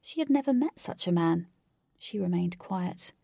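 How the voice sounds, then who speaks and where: A woman narrating a story in a measured, soft-spoken way. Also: on the low side, expressive, gravelly, slightly rough, dry recording, clean studio sound.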